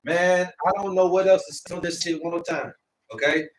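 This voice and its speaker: A man hosting a live stream, lecturing his viewers in a preachy, repetitive way and drawing out words slowly for emphasis. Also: high voice, fairly even intonation, recorded from a distance, a little hiss or hum, low-quality recording. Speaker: herbalist host of a live stream.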